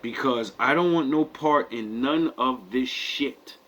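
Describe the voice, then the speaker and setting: A man's voice: mid-range voice, slow, fairly bright tone. A man co-hosting a talk show, giving a profane rant in the style of a sermon. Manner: mock-sermon delivery, profane. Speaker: co-host. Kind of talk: preachy comedic rant.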